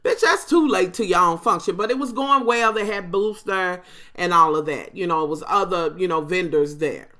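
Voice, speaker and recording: A woman, recapping a reality show in a sassy, profane, animated monologue to her viewers. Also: lowish voice, normal speed. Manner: breaks into mocking impressions of others.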